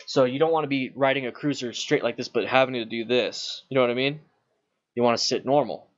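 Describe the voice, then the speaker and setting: A man's voice: mid-range voice, fairly quick, no room sound. Laid-back man with a dull, dry mic. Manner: chatty, loose, reads viewer questions aloud. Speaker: motorcycle channel host. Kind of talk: casual livestream Q&A.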